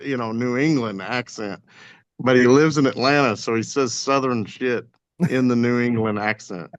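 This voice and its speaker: A man with a thick Kentucky accent, a guest drummer chatting casually on a podcast, animated and quick to laugh and swear. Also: mid-range voice, smooth, no room sound, lo-fi sound.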